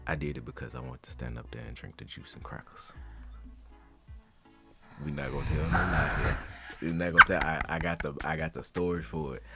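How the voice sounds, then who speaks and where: A young man, chatting casually and telling family stories with deep-voiced quotes. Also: brisk, gravelly, fairly bright tone, soft background music. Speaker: podcast guest, sibling. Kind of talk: casual chat.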